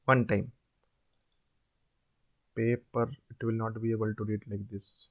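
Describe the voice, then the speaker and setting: A man, tutoring students through assignment answers, slowly drawing out example words to demonstrate them. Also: lowish voice, level tone, fairly bright tone, slight background noise. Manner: drawn-out demonstration words, repetitive. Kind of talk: informal screen-share explanation.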